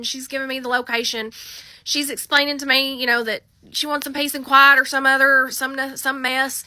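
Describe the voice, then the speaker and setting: Bright, chatty woman telling a dispatch story. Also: high-pitched, fairly even intonation, no echo, clean studio sound. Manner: chatty, drawn-out, wry. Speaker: 911 dispatcher. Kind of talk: casual storytime vlog.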